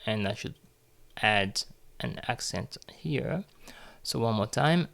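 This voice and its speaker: A man teaching French phrases, speaking slowly and deliberately and repeating each phrase for learners. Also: medium pitch, animated, gravelly, a bit bright. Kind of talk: slow, careful language lesson.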